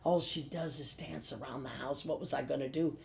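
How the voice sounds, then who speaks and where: An older actress, a guest on a chat show, telling stage anecdotes in a lively way and acting out what people said. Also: female voice, rumbling low, fairly quick, gravelly, slight background noise. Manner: lively anecdotal storyteller, acts out quotes. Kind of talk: storytelling chat.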